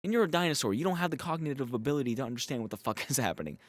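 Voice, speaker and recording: A man's voice: medium pitch, lively intonation, very fast, dry recording, studio quality, voice pushed up, lightly acted. A man voicing a smug, know-it-all male baby dinosaur in a sarcastic, mocking tone.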